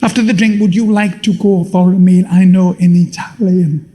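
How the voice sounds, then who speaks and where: An older man performing a blunt, swearing stand-up comedy routine with deadpan punchlines. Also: sits high, moderate pace. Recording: live show in a long-reverb hall.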